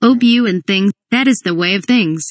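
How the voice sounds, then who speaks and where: This medium-pitched woman reads a comedic parody script at a normal pace, voicing the stage directions along with the dialogue. Now and then she spells words out one letter at a time.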